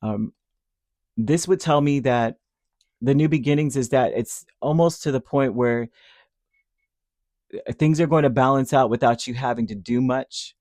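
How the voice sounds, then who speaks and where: A man's voice: mid-range voice, measured pace, pauses often, darkish tone, no room sound, studio quality. A man giving a casual, rambling tarot reading, who acts out little voices as he talks. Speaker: tarot reader.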